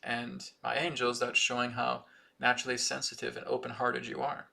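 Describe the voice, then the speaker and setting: Bright, gravelly-voiced spiritual teacher, man. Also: mid-range voice, completely flat delivery, normal speed. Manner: earnest, repetitive, frequent "right?" and "okay?"; reads viewer comments aloud from the chat. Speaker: spiritual teacher hosting a live stream. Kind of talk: live-stream spiritual teaching and Q&A.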